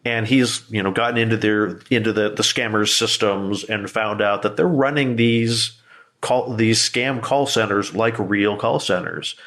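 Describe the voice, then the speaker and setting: Male podcast host, fairly low pitch, easygoing conversational chat, playful asides. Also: a little slow, a bit bright. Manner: chatty, playfully acts out stalling scammers.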